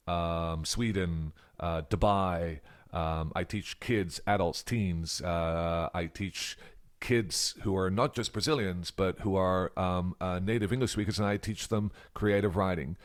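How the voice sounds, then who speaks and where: A low-pitched Australian man talks through an English grammar point in a thoughtful, musing way. He leans into key words and sometimes sinks to a hushed whisper to show an example question. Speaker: English teacher. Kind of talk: reflective grammar lesson.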